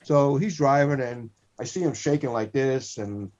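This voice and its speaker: A man's voice: mid-range voice, normal speed, darkish tone. A man in his sixties, a comedy podcast co-host, telling meandering funny stories and repeating himself. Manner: meandering, repeats "listen" often. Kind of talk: rambling comic storytelling. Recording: muffled lo-fi sound.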